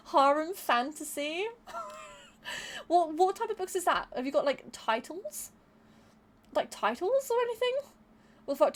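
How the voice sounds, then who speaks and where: A high-pitched woman streamer chats casually with her live viewers. She laughs often, swears freely, and repeats words as she thinks.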